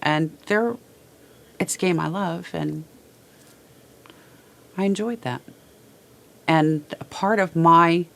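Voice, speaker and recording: A woman hosts a heartfelt talk from a small studio, her voice low in pitch. She speaks slowly and haltingly, stumbling and repeating words. She is plainly holding back tears. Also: gravelly, fairly bright tone. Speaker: host. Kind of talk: heartfelt personal talk to viewers.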